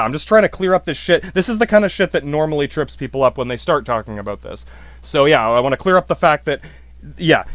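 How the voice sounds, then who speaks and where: A man's voice: a little high, a bit bright, no echo. A man hosting a podcast, talking in a rambling, casual way with many restarts and casual swearing. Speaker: podcast host. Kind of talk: casual spoken commentary.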